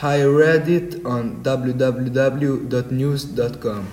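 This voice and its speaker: A man's voice: mid-range voice, fairly even intonation, takes it slowly, darkish tone, slight background noise, close to an everyday voice. Man playing touchy young man Lorenzo. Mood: gossipy. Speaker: student actor. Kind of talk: amateur class radio play. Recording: echoey room.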